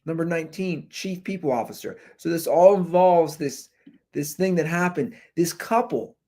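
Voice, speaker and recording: A man hosting a podcast, giving animated, jokey commentary on viral videos through a computer's built-in microphone. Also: fairly high pitch, normal speed. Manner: animated, jokey, talks over clips. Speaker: podcast host. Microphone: computer's built-in mic.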